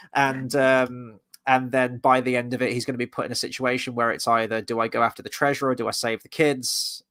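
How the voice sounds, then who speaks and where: A man's voice: medium pitch, a bit bright, clear, resonant tone, dry recording. A man hosting a casual review chat, rambling and playful with lots of asides. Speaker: host.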